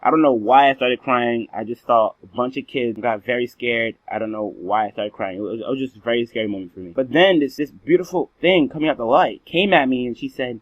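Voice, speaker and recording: Brief: bragging comic storyteller, man, mid-pitched, dull lo-fi sound. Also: brisk, hardly any pauses, no room sound. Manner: boastful, slangy, playful exaggeration. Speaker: vlog storyteller. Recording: dull lo-fi dry recording.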